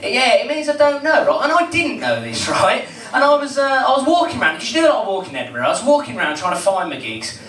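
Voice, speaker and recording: A man's voice: very high voice, wildly swooping pitch, fast talker, few pauses, pushed and bright, far from the mic. An eighteen-year-old man doing rambling, chatty stand-up comedy and teasing the crowd. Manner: rambling, chatty, crowd-baiting, many fillers. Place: comedy club stage. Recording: echoey room, heard from afar, noisy.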